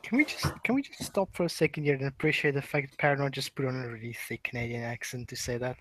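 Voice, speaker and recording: A man talking excitably and repeating himself in a casual online group chat. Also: mid-range voice, fast, a little hiss or hum.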